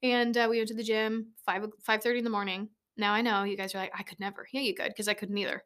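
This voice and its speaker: A woman's voice: medium pitch, flat delivery, fast, a bit bright. A woman in her late twenties hosting a casual solo podcast, blunt and rambling, swearing often and laughing easily, recorded on a studio mic in a small converted shed. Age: late 20s. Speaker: podcast host. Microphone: studio microphone.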